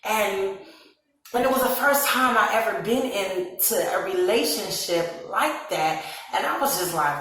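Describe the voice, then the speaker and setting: A woman's voice: mid-range voice, expressive, a little slow, a bit bright, a little hiss or hum. A woman, casually telling her own story on a vlog, laughing often and acting out her past reactions in quoted asides. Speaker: vlogger. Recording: very echoey room, voice from a distance.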